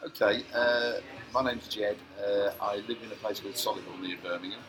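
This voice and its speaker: A man's voice: on the low side, little pitch movement, brisk, rough recording. A man from Scotland, a podcast guest talking casually and earnestly in a cafe, with many hesitant fillers. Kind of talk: casual interview.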